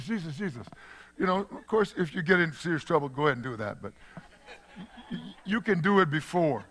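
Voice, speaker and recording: An older man preaches with a high, bright voice that cuts through. He is folksy and repeats his phrases, chuckling here and there. He moves from quiet, confiding asides to ringing shouts. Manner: swings from hushed asides to shouted exclamations. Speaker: pastor. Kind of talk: sermon.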